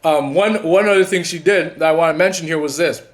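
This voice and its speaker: Rambling man talking to camera. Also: fairly quick. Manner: rambling, restarts and repeats words often; drops quiet and low when retelling conversations. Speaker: channel host and narcissism coach. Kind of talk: casual talking-to-camera monologue.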